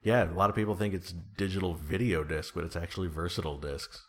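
A man's voice: sits low, fast, a bit bright. A middle-aged man chatting casually as an interview guest, rambling and self-deprecating, with lots of fillers and restarts. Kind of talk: casual conversation.

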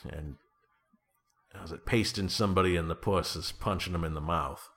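A man's voice: deep voice, moderate pace, a bit bright. A man talking as an author guest in a casual interview, playful, laughing often and slipping into comic voices.

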